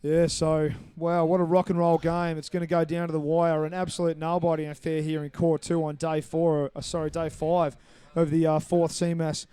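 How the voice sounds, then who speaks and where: Male play-by-play commentator, warm and smooth, slightly high voice, brisk explanatory calls. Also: level tone. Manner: brisk, explanatory, apologetic over names. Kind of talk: live sports commentary.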